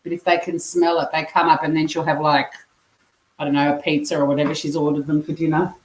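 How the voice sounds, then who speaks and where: A woman's voice: sits low, little pitch movement, fast, echoey room. An Australian woman hosting a casual livestream while she cooks at home, chatting away, swearing casually and reading viewers' comments aloud. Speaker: livestream host. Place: home kitchen.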